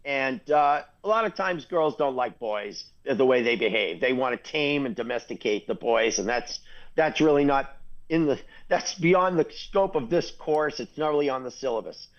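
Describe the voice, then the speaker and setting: A man's voice: medium pitch, expressive, normal speed. Older man, radio host, opinionated, mocking, slightly muffled studio sound. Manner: blunt, mocking, chuckles at his own jokes.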